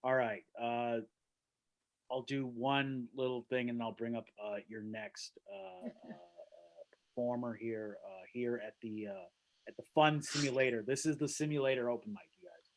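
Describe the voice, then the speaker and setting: A man with a gravelly, medium-pitched voice and moderate pace hosts an open mic over a video call. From a small room at home, the comedian riffs and rambles through stand-up bits that poke fun at himself.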